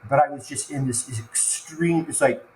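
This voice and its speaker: A man recounting a frightening personal experience as a podcast guest, halting and stumbling over restarts, sounding choked up as he talks. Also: fairly high pitch, darkish tone, slight background noise. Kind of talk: emotional personal storytelling. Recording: roomy echo.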